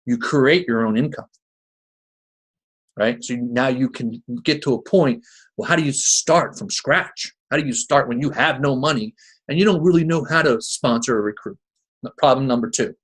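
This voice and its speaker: The host of a crypto marketing call, a New Jersey man with the accent to match, rambles through a casual pitch in a folksy style, restarting and wandering into asides. He speaks at a medium pitch and moderate pace, his voice a bit bright and husky.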